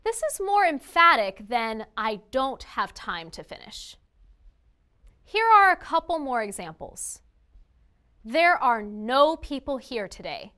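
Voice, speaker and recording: Woman, grammar lesson narration, high lively voice, crisp and clear. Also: slow. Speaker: grammar teacher.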